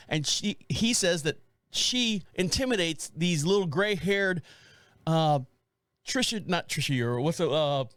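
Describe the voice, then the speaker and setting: Speaking at normal speed in a voice that sits high, a man in his forties co-hosts a relaxed podcast conversation. He tells a lively story and does put-on voices when quoting his neighbor, with no room sound on the audio.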